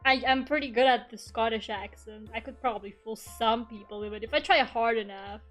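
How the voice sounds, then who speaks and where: A woman's voice: on the high side, brisk, fairly bright tone, faint music behind. A young woman streaming her art, chatting casually and rambling, laughing often and swearing freely. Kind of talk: casual chat while drawing.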